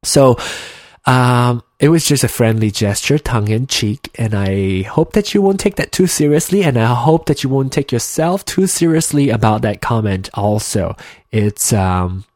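A man's voice: medium pitch, expressive, moderate pace, a little mellow, no echo, clean studio sound. A man in his sixties, a podcast host, talking to his listeners in a casual, conversational monologue. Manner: easygoing, conversational, with fillers and restarts.

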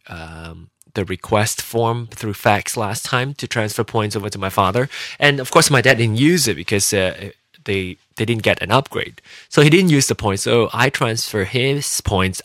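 Man from Taiwan, chatty solo vlogger, lively rambling delivery, bright tone. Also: lowish voice, no room sound, clean studio sound. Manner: rambling, animated storytelling. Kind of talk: casual monologue. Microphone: home microphone with compressor.

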